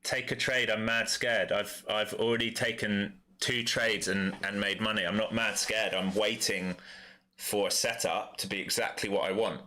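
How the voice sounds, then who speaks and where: Streaming live, an East London man with a London accent bluntly and casually talks through his trades and replies to chat. His voice sits on the low side, with a steady, bright, forceful tone and a moderate pace.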